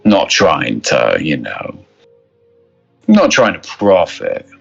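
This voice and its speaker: A man voicing a shifty male cart hauler with a low, soft Cockney voice. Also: huge pitch swings, slow pace, creaky, husky, highs cut off, soft background music, full character voice.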